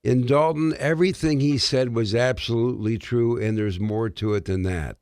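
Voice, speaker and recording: A man's voice: mid-range voice, moderate pace, a little mellow, dry recording, clean studio sound. A man co-hosting a sports radio show, speaking earnestly about coaches. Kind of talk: sports talk commentary.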